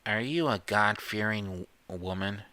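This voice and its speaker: A man's voice: fairly low pitch, unhurried, sharp tone, pitched above the performer's own voice. A man voicing a defiant young schoolboy who answers stubbornly and matter-of-factly.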